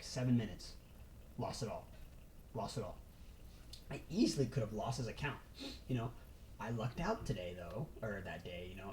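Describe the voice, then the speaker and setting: A young man talks straight to camera in a casual vlog, fast and animated, with slang and swearing. His voice is mellow and rather dark. A faint hiss of background noise sits under his voice. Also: lowish voice, poor audio. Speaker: trader.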